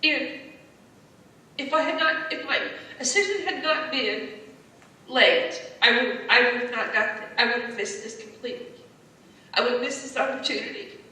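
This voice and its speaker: A woman with a bright, fairly high voice tells an earnest personal story to a congregation. She is picked up from a distance in a big, echoing church sanctuary, with a faint hum of room noise underneath. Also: moderate pace. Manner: earnest, retells dialogue, grows emotional and emphatic. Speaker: church member sharing a testimony. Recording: echoey church from a distant mic.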